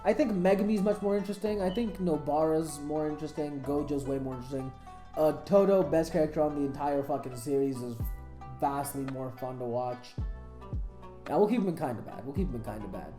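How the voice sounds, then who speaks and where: A woman giving casual anime commentary, excitable and emotional, swearing freely. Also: low voice, a little fast. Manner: excitable, profane, emotional fan talk. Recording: echoey room, faint music.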